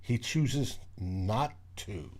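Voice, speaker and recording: A man hosting a casual sports talk show, animated and acting out quotes with sudden loud bursts. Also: lowish voice, extremely slow. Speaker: podcast host.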